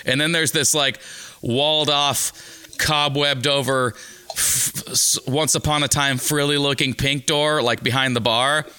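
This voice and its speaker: A man co-hosting a comedy podcast, talking in a loose, rambling way with lots of ums and restarts. His voice is bright and forward, with a smooth, clean tone. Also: medium pitch, fairly even intonation, a little slow. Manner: rambling, riffing with fillers and restarts. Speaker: podcast co-host. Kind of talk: casual comedic chat.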